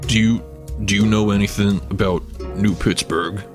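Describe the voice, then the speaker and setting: A man's voice: fairly low pitch, steady tone, normal speed, music in the background. A man playing a tabletop game and narrating his character's actions in an easygoing way. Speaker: player. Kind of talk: casual tabletop play.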